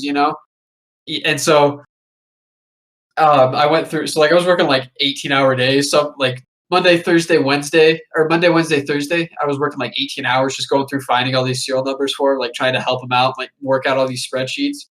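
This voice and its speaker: A young man co-hosting a podcast, who tells long, rambling stories and swears freely. He talks quickly, racing through his asides. His manner stays loose and casual. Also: a little high, fairly even intonation, a bit bright, low-quality recording. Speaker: podcast co-host. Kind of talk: casual chat.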